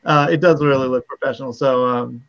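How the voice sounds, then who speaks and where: A man hosting a casual livestream, chatty and relaxed, laughing often. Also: medium pitch, a little fast. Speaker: livestream host. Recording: dull lo-fi stream audio.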